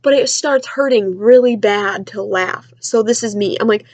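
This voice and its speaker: A woman's voice: medium pitch, unhurried, darkish tone, no echo. A young woman telling a story in a chatty, self-mocking vlog from her basement at home, with lots of "like.". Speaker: vlogger.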